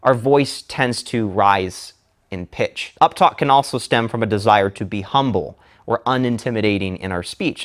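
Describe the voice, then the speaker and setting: A man teaching public speaking in a scripted lecture, with measured, deliberate delivery. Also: fairly low pitch. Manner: measured, deliberate delivery with slow emphatic phrases.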